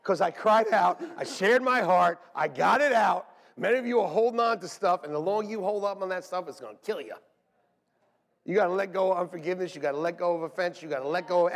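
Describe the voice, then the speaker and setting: A middle-aged man, a pastor, preaching a lively, joking sermon to his church. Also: sits high, quick pace, gravelly, some chatter behind. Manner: animated, joking, shouts and laughs between points. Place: church sanctuary. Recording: long hall reverb.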